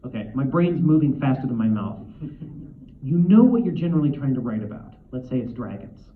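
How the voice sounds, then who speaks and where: Man, 30s, guest author, convention panel, animated storyteller, self-correcting, tinny, far from the mic. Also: medium pitch, fairly quick, echoey room.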